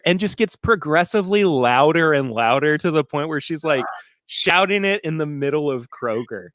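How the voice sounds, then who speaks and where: A man's voice: fairly high pitch, expressive, measured pace, a bit bright, no echo. A man co-hosting a casual podcast livestream, telling stories with easy laughs. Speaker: podcast co-host.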